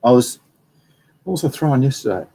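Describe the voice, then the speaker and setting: A man's voice: medium pitch, very animated, a little fast, gravelly, warm tone, a little hiss or hum, rough recording. A young man hosting a casual livestream, rambling and reading out viewer comments. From Australia. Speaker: livestream host.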